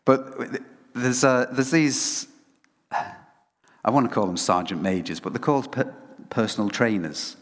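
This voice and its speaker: A man's voice: mid-range voice, a little slow, long pauses. A man delivers a conversational sermon in a mid-range voice, telling stories with frequent stumbles and restarts. The sound rings with long reverb from a large hall. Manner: animated storytelling with frequent restarts. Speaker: preacher.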